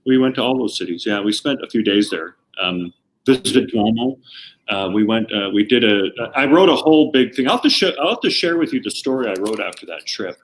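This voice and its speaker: A man's voice: on the low side, fairly quick, low-quality recording. Man in rambling casual chat. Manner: rambling, relaxed storytelling. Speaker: entertainment reporter.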